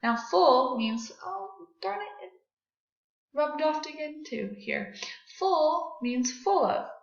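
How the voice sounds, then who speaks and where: Slow-speaking woman teaching young children. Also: high-pitched, animated. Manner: slow, clear, encouraging teacher talk with call-and-response drills. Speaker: second grade teacher. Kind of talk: recorded remote phonics lesson. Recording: echoey room, dull lo-fi sound.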